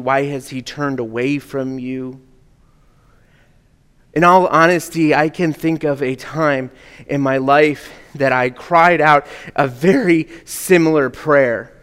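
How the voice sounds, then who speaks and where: Slow, earnest male preacher in a hall. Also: medium pitch, clean tone. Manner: earnest, drops to a hush at key words. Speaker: pastor. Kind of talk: sermon. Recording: long hall reverb.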